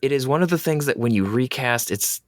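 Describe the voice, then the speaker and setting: A man co-hosting a podcast, giving relaxed and wry commentary in casual chat. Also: mid-range voice, brisk, no echo. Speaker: podcast co-host.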